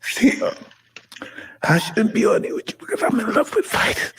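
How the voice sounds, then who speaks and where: A man in his fifties talking intensely and emotionally, profane and halting, in a casual conversation. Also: high voice, sing-song, creaky, fairly bright tone, slight background noise. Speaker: podcast host.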